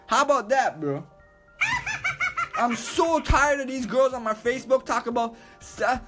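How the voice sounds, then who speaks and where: A man's voice: extremely high pitch, animated, normal speed, fairly bright tone, soft background music. A young man hosting a podcast, talking casually and launching into crude, profane rants. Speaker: podcast host.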